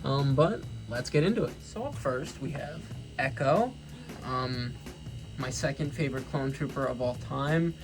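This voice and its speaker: Gravelly young New York guy reviewing toys. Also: medium pitch, a little slow, music in the background. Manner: enthusiastic, rambling, self-correcting. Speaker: toy reviewer. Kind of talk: casual review vlog.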